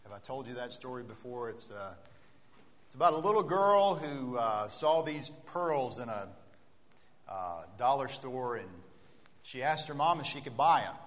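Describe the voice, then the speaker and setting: A man preaches an evening sermon in a church auditorium, his medium-pitched, fairly bright voice expressive and at normal speed. His storytelling builds to a heartfelt appeal, captured with a long hall echo and a faint hiss.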